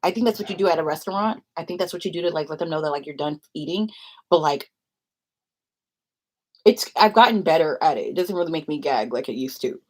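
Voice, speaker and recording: A woman's voice: sits low, expressive, fast talker. A young woman vlogging in a rambling confessional chat, full of filler likes and laughing often.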